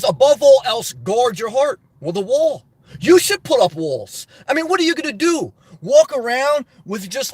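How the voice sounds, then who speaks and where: A man's voice: extremely high pitch, expressive, moderate pace. A man hosting a motivational livestream, preaching in an emphatic, repetitive way straight to his viewers. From New Jersey. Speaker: livestream host.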